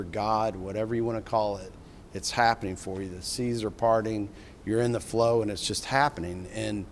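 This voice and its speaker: A middle-aged filmmaker telling an enthusiastic, rambling story in an interview, with frequent restarts. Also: male voice, on the low side, slight background noise.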